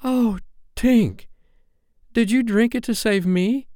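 A man voicing a bold, cocky boy who shouts eagerly. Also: very high-pitched, slow, no echo, clean studio sound, voice pushed up. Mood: alarmed.

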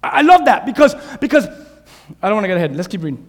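A man preaching a sermon to a church, dynamic, swinging from hushed asides to shouted passages. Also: high voice, big pitch swings, quick pace. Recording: long hall reverb.

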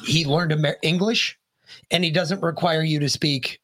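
A man's voice: on the high side, steady tone, moderate pace, a bit bright, slight background noise. Brash, joking man on a podcast. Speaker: podcast guest. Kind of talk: casual podcast chat.

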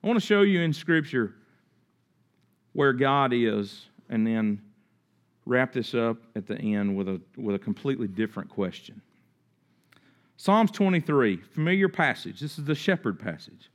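A man's voice: medium pitch, animated, normal speed. A middle-aged man preaching a sermon, reading scripture with rising and falling intensity. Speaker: pastor.

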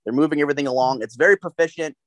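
A man telling animated, profane anecdotes in a casual podcast chat. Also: a little high, rapid-fire, no echo.

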